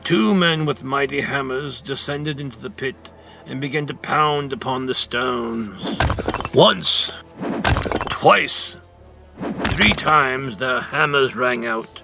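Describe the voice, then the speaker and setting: A male storyteller reads a picture book aloud, slowly and dramatically, leaning on key words. His voice sits a little high with a gravelly texture. Music plays clearly underneath. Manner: dramatic, slow, emphatic narration. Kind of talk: expressive read-aloud storytelling.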